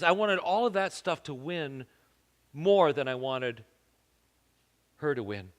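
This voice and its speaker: An earnest man preaching in a church hall, telling stories on himself with wry self-deprecation. His voice sits a little high for a man, and a long reverb trails after it. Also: fairly bright tone. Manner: earnest, self-deprecating storyteller with shifting pace. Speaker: pastor. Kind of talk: sermon with personal story.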